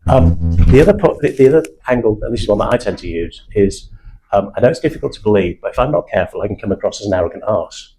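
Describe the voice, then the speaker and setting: A man's voice: fairly low pitch, big pitch swings, fast, dark tone, faint music behind, rough recording. A man, teaching a live sales training session in a blunt, confident manner with British slang. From England (South Manchester).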